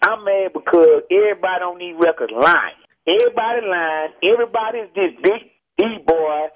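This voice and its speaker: A man's voice: high-pitched, lively intonation, moderate pace. A man with a Texan Southern accent, calling in as a guest to a radio interview and talking emphatically, sounding tinny over a phone line. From Texas. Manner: emphatic, preachy, keeps repeating "man". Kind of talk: heated call-in radio interview. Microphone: telephone.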